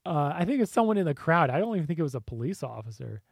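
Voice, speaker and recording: Guy chatting over clips, laughs a lot, kinda high voice, dead dry sound. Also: very animated, rapid-fire, creaky, slightly rough, dry recording. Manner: chatty, laughs often, mimics voices in quotes. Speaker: commentator reacting to clips. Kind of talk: casual commentary on video clips.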